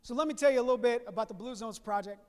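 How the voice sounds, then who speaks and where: Guy giving a keynote, real high voice, folksy storytelling, echo from a long hall. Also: rapid-fire, a little mellow, smooth. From Southeast Louisiana. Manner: folksy, addresses audience as y'all. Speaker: keynote speaker. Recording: reverberant hall.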